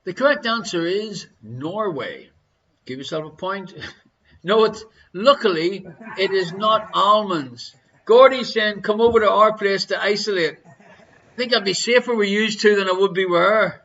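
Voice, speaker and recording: A man's voice: high voice, moderate pace, bright, forceful tone, dull audio. An Irish man hosting a live online quiz from his living room, reading questions and answers with a jokey, chatty manner. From Ireland. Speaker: quiz show host.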